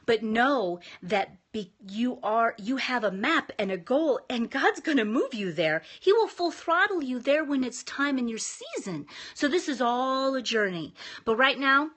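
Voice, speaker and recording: A woman's voice: fairly high pitch, a bit bright. A woman in her thirties giving a casual, emphatic motivational talk as a vlogger, chatty and upbeat with frequent restarts.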